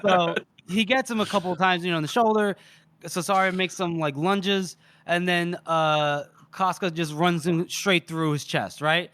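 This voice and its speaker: A man's voice: high-pitched, steady tone, normal speed, fairly bright tone, no echo. A man co-hosting a book podcast, retelling scenes animatedly and acting out characters' lines with casual swearing. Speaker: podcast co-host.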